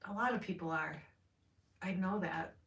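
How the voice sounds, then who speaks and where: A woman's voice: lowish voice, moderate pace, gravelly, a bit bright. A woman doing a live-streamed tarot card reading, chatting in a rambling, candid way, swearing freely and laughing often. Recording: roomy sound from a mic at a distance.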